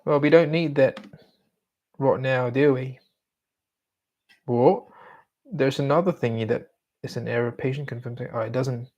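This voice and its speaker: A man's voice: medium pitch, steady tone, a little slow, pauses often, darkish tone, dull audio. A young man talking to himself while he codes for a vlog, mumbling and humming filler sounds as he types. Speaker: vlogger coding on camera. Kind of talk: casual self-talk while working.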